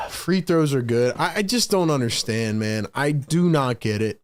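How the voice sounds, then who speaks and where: A man's voice: medium pitch, lively intonation, a little slow. A man doing live play-by-play for his own fan stream, calling the action and ranting in frustration between plays. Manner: sighs and rants between calls.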